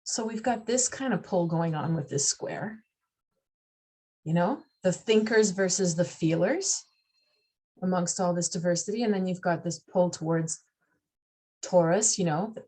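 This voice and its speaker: A woman's voice: lowish voice, unhurried, pauses often, darkish tone. A woman explaining astrology in a casual talk, acting out the voices of the signs and laughing at herself.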